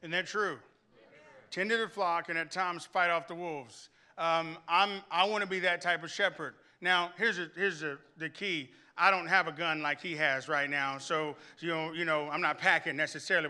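Pastor in the pulpit, high and bright, loose and joking, then weighty scripture reading. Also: male voice, steady tone, fairly quick, few pauses. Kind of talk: sermon. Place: church sanctuary with a stage.

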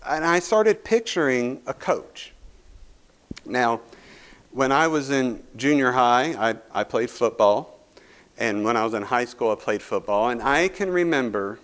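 A man's voice: mid-range voice, a bit bright. A male pastor, preaching a sermon through a folksy personal story full of restarts.

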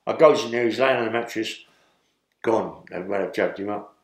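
A man's voice: lowish voice, moderate pace, reverberant. An older man from London with a London accent, telling a rambling prison story in an interview and checking in with "yeah?". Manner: rambling, keeps adding "yeah?". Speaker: interviewee, former criminal.

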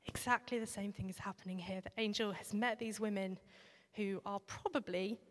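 A woman preaches in a relaxed, reflective, conversational manner. Her voice sits at an ordinary middle pitch. A long reverb trails behind her, as in a large church hall. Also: normal speed. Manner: reflective, conversational with occasional fillers. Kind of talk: sermon.

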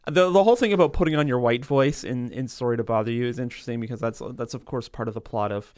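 A man with a middle-range voice talks through films in a thoughtful, hesitant way, pausing to pick his words. He sounds close and dry, as if seated at a studio mic. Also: mid-range voice, darkish tone, smooth, no echo. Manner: thoughtful, hesitant, many fillers. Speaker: film reviewer and podcast host. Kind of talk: casual chat about films.

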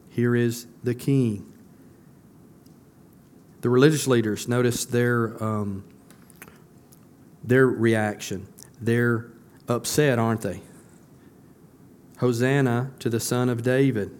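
A male pastor preaching a sermon, often asking the congregation questions and answering them himself. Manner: builds to a louder, higher emphatic close.

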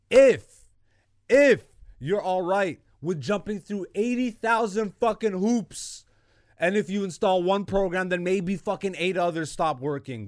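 Male podcast host, fairly high voice, dry close sound, exasperated profane rant, loud bursts. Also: dry recording. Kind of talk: ranting casual monologue.

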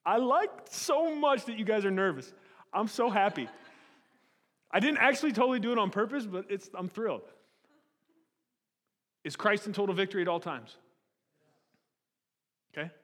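A man preaching a sermon in an animated way, firing rhetorical questions at the congregation. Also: high-pitched, moderate pace, pauses often. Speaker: pastor. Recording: long hall reverb.

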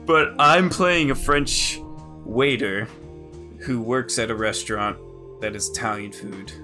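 A man's voice: mid-range voice, unhurried, music in the background. A man playing in a casual tabletop game, full of questions and laughter, often stumbling over his words. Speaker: player.

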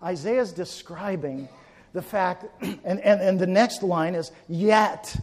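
A male pastor preaching a sermon, swinging between forceful emphatic peaks and quiet hushed passages. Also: high voice, takes it slowly. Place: church sanctuary. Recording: long church reverb.

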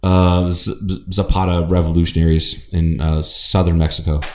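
A man's voice: low-pitched, little pitch movement, normal speed. A man from Ohio co-hosting a podcast, telling stories in casual chat and swearing freely. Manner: profane, storytelling, swears freely. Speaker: podcast co-host. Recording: roomy echo.

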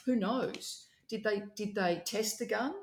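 Casting: podcast guest, gravelly, questioning, roomy echo with faint hiss. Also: medium pitch, a little slow. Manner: pointed, questioning objections. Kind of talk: casual podcast chat.

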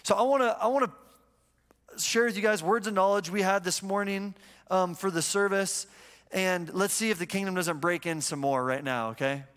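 High-voiced man preaching in a reverberant hall. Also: normal speed, fairly bright tone. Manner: storytelling, conversational preaching. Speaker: pastor. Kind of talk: sermon. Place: church.

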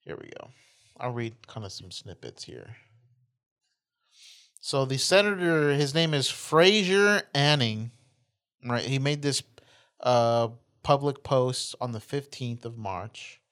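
A man's voice: medium pitch, sing-song, takes it slowly, pauses often, fairly bright tone. Laid-back male podcast co-host. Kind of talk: casual chat and reading aloud.

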